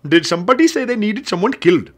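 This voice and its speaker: A man playing a raspy, hot-tempered little enforcer. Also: sits high, animated, fast talker. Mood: menacing. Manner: aggressive, profane threats. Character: short-tempered tiny male ex-villain enforcer. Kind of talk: cartoon comedy voice acting.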